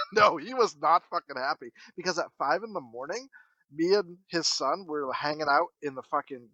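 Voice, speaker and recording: A man's voice: fairly high pitch, expressive, moderate pace, sharp tone, no room sound, low-quality recording. A man co-hosting a podcast, telling profane anecdotes from his youth in casual chat. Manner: profane, laughing anecdote teller. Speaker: podcast co-host.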